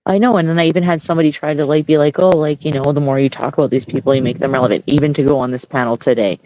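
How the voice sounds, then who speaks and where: A man's voice: a little high, steady tone, rapid-fire, a little mellow, slight background noise, poor audio. A man in his forties ranting heatedly and with lots of swearing as a guest on a casual online panel chat. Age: 40s.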